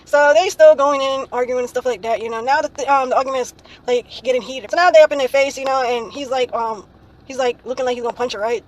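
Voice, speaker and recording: High-voiced young woman telling a rambling story. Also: fairly even intonation, fast, rough recording. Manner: rambling, ends phrases with "right?" tag questions; frequent "like, um" fillers. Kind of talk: casual storytelling vlog.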